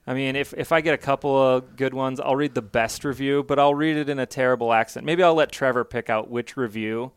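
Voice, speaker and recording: A man hosting a casual podcast, relaxed and rambling, with a lot of fillers. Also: medium pitch, a little fast, hardly any pauses, smooth, no echo, studio quality. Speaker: podcast host.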